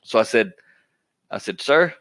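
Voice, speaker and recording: A man's voice: fairly low pitch, expressive, measured pace, vocal fry, fairly bright tone, dry recording. A man hosting a podcast, telling a workplace story in a plainspoken, folksy way, often repeating his words as he goes. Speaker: podcast host.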